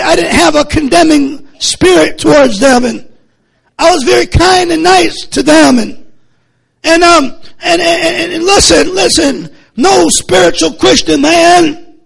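Preacher guy, real high and gravelly, mutters then hollers, stumbles over repeats. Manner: swings from low mutter to shouting, repeats words. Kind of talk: fiery sermon.

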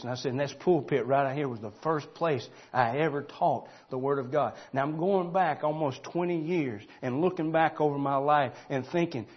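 A pastor, preaching a folksy sermon that builds to loud, emphatic shouting. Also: male voice, mid-range voice, lo-fi sound.

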